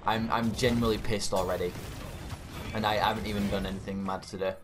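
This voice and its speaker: A man's voice: on the low side, fairly even intonation, a little fast, noisy background. A man giving angry, profanity-laden gameplay commentary as a YouTuber. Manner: angry, swearing, exasperated. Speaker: gaming YouTuber.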